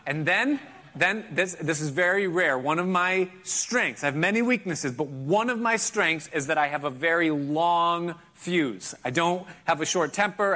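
Bright-voiced man preaching conversationally. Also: sits high. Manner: conversational, self-deprecating, chuckles between points. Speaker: pastor. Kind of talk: sermon with personal story.

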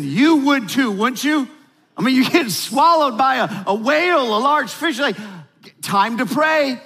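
Man, pastor, high voice, emphatic sermon, long hall reverb. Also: slightly rough. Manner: energetic, emphatic preaching with call-and-response.

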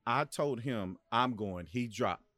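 A middle-aged man tells football stories with a swinging, lively pitch and acts out the voices of the people in them. The sound is close and dry, with no room around it. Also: slow, dry recording. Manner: animated storyteller, acts out voices of others. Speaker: guest, former football player and coach. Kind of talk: casual podcast storytelling.

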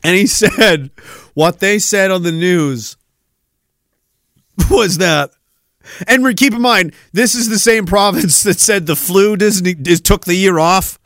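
Male podcast host, high voice, sarcastic, casual chat with laughs, dry close mic, faint music. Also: slow, dry recording. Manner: sarcastic, animated, laughs often, swears. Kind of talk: casual livestream commentary reading chat.

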